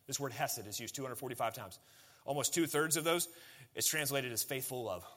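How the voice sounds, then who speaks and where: A man's voice: mid-range voice, fairly quick, a bit bright. A man, preaching a sermon as pastor in a conversational way, full of rhetorical questions and folksy asides.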